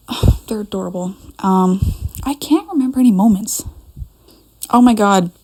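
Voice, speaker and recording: A woman's voice: mid-range voice, unhurried, pauses often, dark tone, husky. A young woman rambling casually to a camera in a dim room at home, scattered and talking to herself as she goes. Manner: chatty, scattered, talks to herself. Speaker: fan fiction vlogger.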